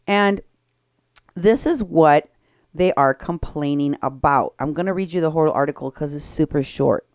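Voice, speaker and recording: A woman hosting an opinionated political commentary show, talking briskly and sarcastically and laughing at her targets. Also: low-pitched, darkish tone, smooth, no room sound, clean studio sound.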